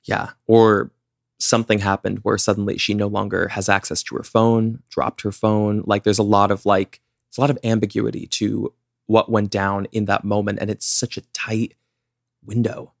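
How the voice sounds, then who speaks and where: Low-voiced young man recounting a case. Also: little pitch movement, normal speed, vocal fry, no room sound, clean studio sound. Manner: chatty, many "like" fillers. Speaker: podcast co-host. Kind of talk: casual true-crime storytelling.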